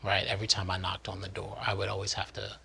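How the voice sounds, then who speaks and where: Husky, lowish male voice, from New Jersey; candid one-take personal storytelling, earnest and reflective. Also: monotone, quick pace, pushed and bright.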